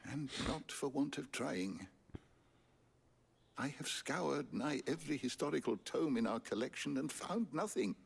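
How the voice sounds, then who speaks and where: A man's voice: mid-range voice, lively intonation, unhurried, creaky, slightly rough, full character voice. An actor playing a grave, formal male scholar with a British accent and old-fashioned speech in a video game. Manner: formal archaic phrasing.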